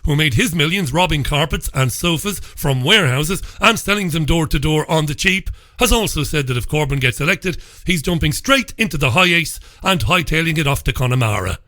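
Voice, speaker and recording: Talk show host, male, sarcastic newspaper commentary, bright voice, dry close sound. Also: a little high, lively intonation, brisk, few pauses, no room sound. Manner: sarcastic and mocking, laughs at his own stories; blunt and profane. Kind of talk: solo commentary reviewing newspapers.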